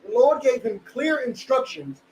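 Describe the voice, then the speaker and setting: A man's voice: very high voice, very animated, normal speed, slight background noise, poor audio. A man with a New Jersey accent leading a Bible lesson in blunt, profane, emphatic street talk, explaining scripture in everyday terms. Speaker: teacher leading a scripture study.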